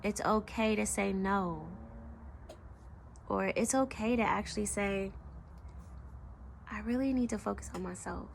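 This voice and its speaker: A young woman talking slowly and emotionally in a personal confessional vlog, reflective, with soft pauses. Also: medium pitch, gravelly, a little hiss or hum. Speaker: vlogger.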